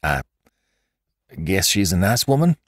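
A man's voice: lowish voice, big pitch swings, slow, creaky, dry recording, clean studio sound, voice pushed up, heavily acted. A man voicing a timid, anxious rural wife who answers in a faltering, trembling voice.

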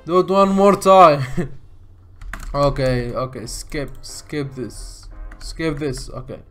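Excitable man reacting to a game, slow-paced. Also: fairly high pitch, soft background music. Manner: excitable, frequent exclamations and nervous laughs. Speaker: gaming channel host. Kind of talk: reading game text and reacting casually.

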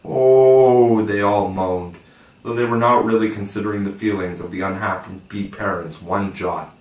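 Brief: male audiobook narrator, measured storytelling, distant roomy mic. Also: deep voice, steady tone, fairly bright tone. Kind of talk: expressive audiobook reading.

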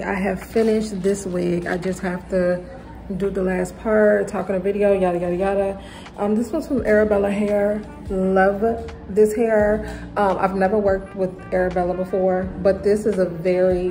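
A woman's voice: medium pitch, warm tone, poor audio. A young woman talking casually to her viewers in a vlog. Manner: chatty, talks straight to viewers as y'all and baby. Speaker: vlogger and content creator. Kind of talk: casual vlog chat to camera.

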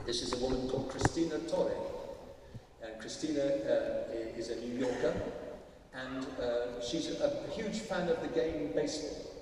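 A man's voice: on the high side, a little mellow, a little hiss or hum. A man giving a conference talk to teachers, addressing the audience directly and telling a story in a conversational way. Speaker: conference speaker. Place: large conference hall. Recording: echoey hall from far off.

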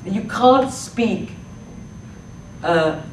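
Slow-speaking woman in echoey room. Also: medium pitch, animated, a little mellow, recorded from a distance, a little hiss or hum. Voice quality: halting, with many fillers and restarts. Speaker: actress answering audience questions. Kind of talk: thoughtful public talk. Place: public library talk room.

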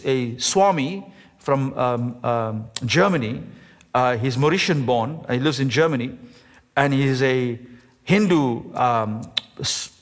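A man, the pastor, preaching a sermon with emphasis, slowing down and stretching key words. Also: mid-range voice. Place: church sanctuary. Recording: echoey church hall.

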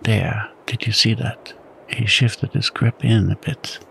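A man's voice: on the low side, slow pace, gravelly, a bit bright, slight background noise, full character voice. A man whispering a stern young rescuer, whispered role-play. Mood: urgent.

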